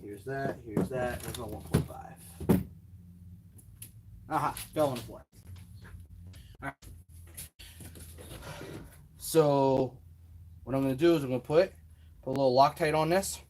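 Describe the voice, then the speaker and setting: Male hobby tutorial host, mid-pitched, casual and self-narrating, faint background noise with tool clicks. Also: a little slow, long pauses. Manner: chatty, talks himself through tasks, self-deprecating asides. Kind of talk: casual hands-on build tutorial.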